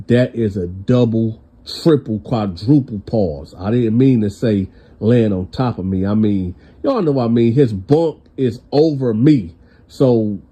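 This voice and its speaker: A man's voice: medium pitch, warm tone, husky. A man telling a prison story to his viewers in casual, slangy speech that often stammers and restarts. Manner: stammering, calls himself tongue-tied; slangy, addresses viewers as y'all.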